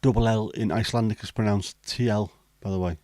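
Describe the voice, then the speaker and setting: A man's voice: fairly low pitch, steady tone, brisk, dark tone, no room sound. A man from England hosting a livestream, reading out the chat with blunt, sweary banter. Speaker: livestream host. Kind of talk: casual live chat reading the chat.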